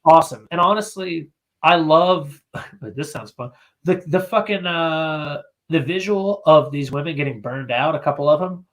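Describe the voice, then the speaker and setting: A man with a somewhat high voice co-hosting a casual podcast. He rambles loosely, drops crude jokes and swears freely. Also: measured pace. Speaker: podcast co-host.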